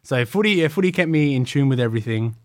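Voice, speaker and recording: A young Australian man chatting on a podcast, talking quickly and slipping into other people's voices as he tells his stories. His voice sits at an ordinary pitch, recorded dry and close. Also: lively intonation, no echo. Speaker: guest wrestler. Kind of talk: casual podcast interview.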